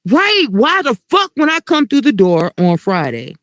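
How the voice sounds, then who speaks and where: A middle-aged woman hosting a podcast, telling a story in a blunt, animated, casual way with big swings in her voice. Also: fairly high pitch, moderate pace, no echo, studio quality. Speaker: podcast host.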